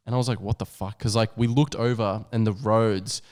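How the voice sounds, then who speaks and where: A man's voice: fairly low pitch, fairly even intonation, normal speed, a little mellow. A young adult man, co-hosting a podcast and telling a rambling travel story with lots of "like" and swearing. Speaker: podcast co-host. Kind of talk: casual chat.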